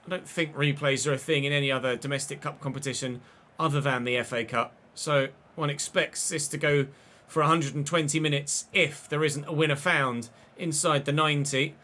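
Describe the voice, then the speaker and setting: A man, chatting and commentating excitedly while streaming a football game. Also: a little high, brisk, hardly any pauses. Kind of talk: live gameplay commentary.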